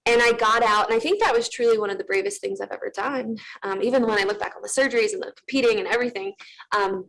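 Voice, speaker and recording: A woman's voice: medium pitch, vocal fry, low-quality recording. A young woman from Russia, a guest in an interview, telling a heartfelt personal story in a candid way full of fillers. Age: young adult.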